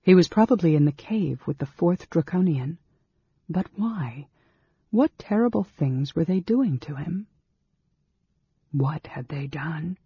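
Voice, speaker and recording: A man narrating a fantasy audiobook in a measured, dramatic storytelling manner. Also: a little high, lively intonation, slightly rough, no echo, muffled recording. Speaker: audiobook reader.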